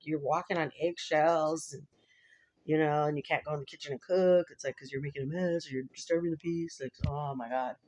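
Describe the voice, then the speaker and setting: A woman vlogger talking in a rambling, casual chat to camera, laughing often between thoughts. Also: deep voice.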